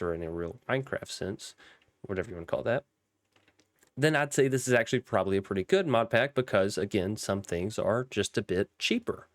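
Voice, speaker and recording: A man's voice: on the low side, no echo. A young man with a Southern accent, rambling through casual gameplay commentary with frequent ums and restarts. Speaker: Minecraft modpack let's player.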